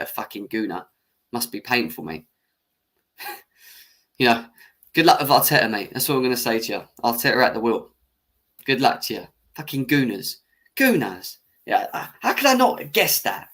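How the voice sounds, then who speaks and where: The voice is lowish and a bit bright: a young man hosting a football fan stream, ranting about the match. Quick-tempered, he curses and argues with viewers in the chat, brushing off his partiality with a laugh.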